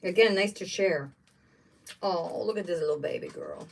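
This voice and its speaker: A woman's voice: lowish voice, normal speed, gravelly. A woman hosting a casual craft livestream, chatting and exclaiming over each item she unboxes. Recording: voice somewhat distant from the mic.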